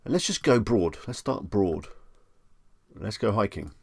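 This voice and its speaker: A man's voice: on the low side, sing-song, a little slow, vocal fry, breathy edge, no room sound. A man hosting a live stream in a casual, chatty way, reading questions aloud and musing on each one. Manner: chatty, reads questions aloud and muses on them.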